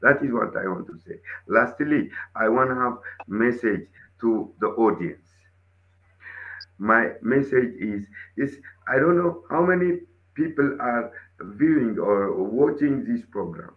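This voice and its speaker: A man's voice: medium pitch, expressive, a little slow, phone-quality sound. A man giving earnest closing remarks in a discussion, repeating his phrases. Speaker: panel participant.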